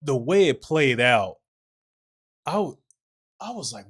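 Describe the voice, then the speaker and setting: A man's voice: mid-range voice, very animated, slow, a bit bright, slightly rough. Laid-back man chiming in. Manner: short agreeing interjections, finishes co-host's sentences. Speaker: podcast co-host. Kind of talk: casual movie review chat.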